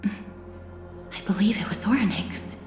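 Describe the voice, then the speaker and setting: A woman plays a gentle young maiden from a video game who hears the voices of Titans. Her whispered role-play is soft, breathy and reverent. The sound has a long, echoing hall tail, with clear music beneath it. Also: mid-range voice, slow, lightly acted. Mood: hushed. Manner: hushed and reverent.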